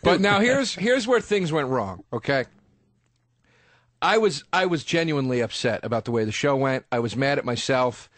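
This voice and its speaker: A man's voice: medium pitch, lively intonation, normal speed, fairly bright tone, dry recording. A man comedian telling his side of a story on a radio show, defensive and exasperated. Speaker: comedian guest.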